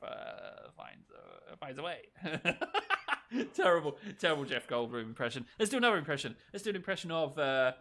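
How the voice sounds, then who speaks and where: Chatty, animated male game commentator. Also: fairly high pitch, gravelly. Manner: chatty, joking, self-mocking. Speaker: gaming video commentator. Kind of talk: casual gameplay commentary.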